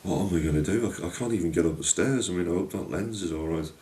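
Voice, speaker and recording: A man puts on a lonely lighthouse keeper, hurt and flustered, who stumbles over his words with a very deep, dark voice. The sound is echoey, with the mic some way off. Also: fast talker, natural voice. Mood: worried. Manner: flustered, repeats himself when worried. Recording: echoey room, distant mic.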